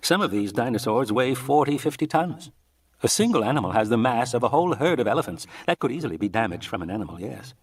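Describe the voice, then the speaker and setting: Calm know-it-all math guy from a storybook, read by a man, husky, lively pitch. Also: distant mic. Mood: explaining. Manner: measured, explanatory.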